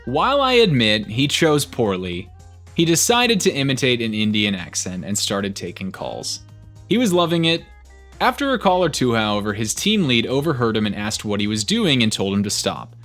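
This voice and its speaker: Expressive male story reader. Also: mid-range voice, moderate pace, faint music behind. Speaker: story narrator. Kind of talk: reading online posts aloud.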